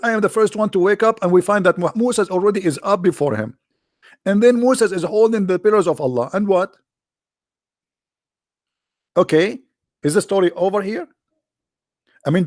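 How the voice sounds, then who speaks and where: A man's voice: high voice, animated, fairly quick, pauses often, a little mellow, dry recording, clean studio sound. A man with an Arabic accent hosting his channel, giving sarcastic, mocking commentary with rambling asides. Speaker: channel host. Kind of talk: mocking religious commentary stream.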